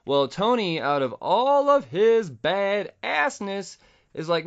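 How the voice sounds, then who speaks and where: A man hosting a podcast, casually recapping a comic book with profanity and quick voice impressions. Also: sits high, expressive, fairly bright tone, highs cut off. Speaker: podcast host.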